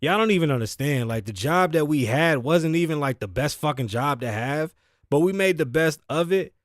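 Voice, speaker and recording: A slightly high male voice with lively intonation moves at a moderate pace. He's from the Bronx, New York, hosting his own show and sounding sleepy and tired as he rambles through a profane, self-deprecating solo monologue. Clean studio sound with no room sound, from a studio mic through an audio interface.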